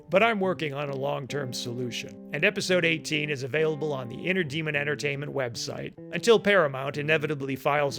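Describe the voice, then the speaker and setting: A man's voice: fairly high pitch, creaky, fairly bright tone. A man hosting a podcast, reading a teasing intro and chatting with a wry, joking manner. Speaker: podcast host. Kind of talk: casual chat and scripted intro.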